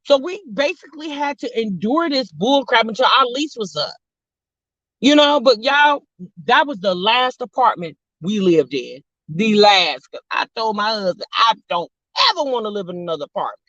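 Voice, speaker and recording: A woman vlogger telling a story to her viewers in a sassy, drawling, animated way, calling them honey and girl. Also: on the high side, measured pace, no echo, lo-fi sound. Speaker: vlog host.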